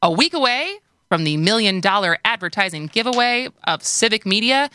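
A woman's voice: mid-range voice, expressive, normal speed, bright, forceful tone, no echo, clean studio sound. Chatty Wisconsin woman co-hosting radio. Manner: chatty, giggly, loose. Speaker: radio talk show co-host. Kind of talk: casual radio chat.

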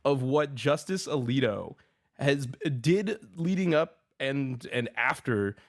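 A man's voice: mid-range voice, animated, slow pace. A man co-hosting a talk radio show, chatting casually and poking fun at himself. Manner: conversational, self-deprecating. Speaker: radio co-host.

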